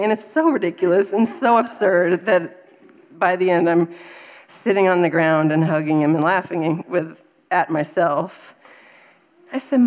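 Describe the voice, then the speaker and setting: A woman in her thirties speaking to a gathering in a lively, expressive voice. She tells a personal story in a faith talk, acting out her own exasperation with big swings in tone. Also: on the low side, moderate pace.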